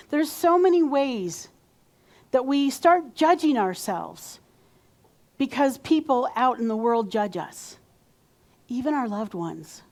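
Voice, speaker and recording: Woman minister, fairly high voice, conversational sermon delivery. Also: very animated, takes it slowly, long pauses, darkish tone. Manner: conversational, acts out quoted self-talk.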